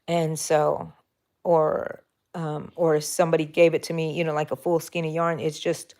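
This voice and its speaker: A woman's voice: sits low, slow, long pauses. A woman with a Texan accent hosting a casual crochet livestream, chatting with viewers and talking to herself as she works. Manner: chatty, talks to herself and viewers while working. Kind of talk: casual crochet tutorial chat.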